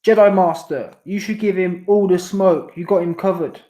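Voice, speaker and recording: Brief: man, fairly high voice, laid-back slangy streamer, echoey room. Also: steady tone, moderate pace, hardly any pauses, mellow. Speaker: boxing commentary channel host. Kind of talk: casual live-stream chat reading super chats. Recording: roomy echo.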